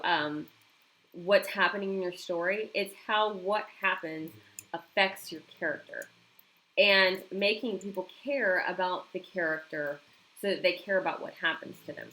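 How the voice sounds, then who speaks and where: A woman's voice: mid-range voice, pushed and bright, rough recording. A woman chatting casually on a home live stream, reacting to viewer comments and laughing often.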